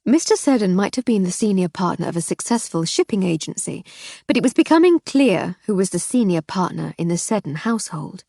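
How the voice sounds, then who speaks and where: A woman reading a first-person mystery audiobook in a wry, measured way. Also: medium pitch, very animated, creaky, mellow, no room sound, studio quality. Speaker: audiobook narrator.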